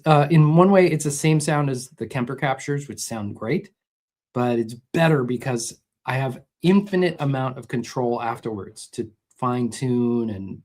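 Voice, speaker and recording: A middle-aged man hosting a casual guitar livestream, reading viewer comments and explaining gear in a relaxed, roundabout way. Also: mid-range voice. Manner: relaxed and explanatory, with many restarts. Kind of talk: casual live chat answering viewer comments.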